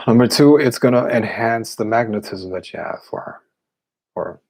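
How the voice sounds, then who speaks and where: Low raspy guy answering viewer questions, blunt, swears a lot. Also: animated, measured pace, a little mellow, rough recording. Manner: blunt and profane, with scoffing laughs. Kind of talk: casual live Q&A.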